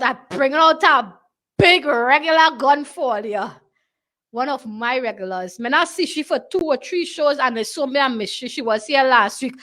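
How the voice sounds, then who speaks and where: A woman's voice: high-pitched, a bit bright. A woman with a Tobago accent, hosting a talk show and chatting to the audience in dialect. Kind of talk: lively studio show hosting.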